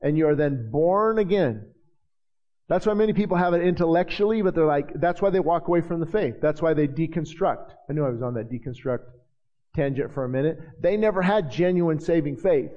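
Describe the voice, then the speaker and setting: Brief: male pastor with a high voice and a fervent preaching delivery, recorded in a reverberant church with a dull, lo-fi sound. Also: a little fast. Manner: fervent preaching with repeated phrases. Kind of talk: sermon. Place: church sanctuary.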